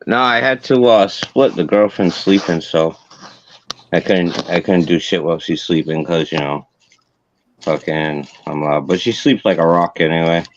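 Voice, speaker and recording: Low-voiced Massachusetts man, rambling. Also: measured pace, dull audio. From New Bedford, Massachusetts. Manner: rambling, repeats words, swears. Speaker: guest. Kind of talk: casual chat. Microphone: video call.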